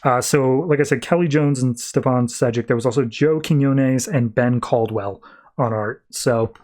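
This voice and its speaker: A man's voice: medium pitch, moderate pace, darkish tone. A male podcast host casually recapping a comic book, rambling as he tells the story and acts out the characters' lines. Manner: rambling storytelling, acting out quotes.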